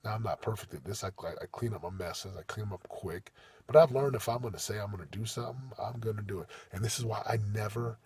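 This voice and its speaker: A man giving a motivational monologue as a coach, emphatic and preachy, with big swings in loudness. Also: fairly low pitch, fast talker, husky.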